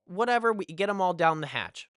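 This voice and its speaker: Young guy ranting a storytime, cusses a lot, bright forceful voice, kinda high, dry sound. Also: brisk, clean tone, no echo. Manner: animated, profane storytelling with filler phrases. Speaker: vlogger telling a story. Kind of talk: casual storytime.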